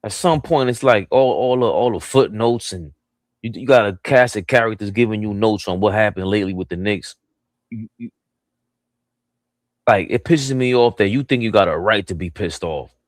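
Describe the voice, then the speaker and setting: A man's voice: fairly low pitch, normal speed, dry recording, clean studio sound. A man hosting a sports talk stream, ranting in a heated, profane way. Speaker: host.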